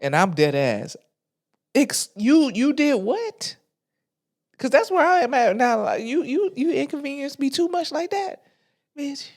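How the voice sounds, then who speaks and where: Animated, profane woman ranting. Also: sits high, a little slow. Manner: animated, profane, laughs often. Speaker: podcast host. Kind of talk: casual ranting commentary.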